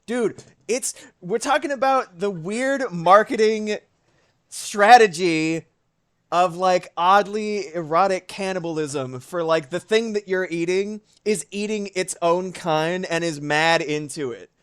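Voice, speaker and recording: A man chatting casually on a live stream while he draws, animated and swearing freely, with quick asides. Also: high-pitched, clear, resonant tone.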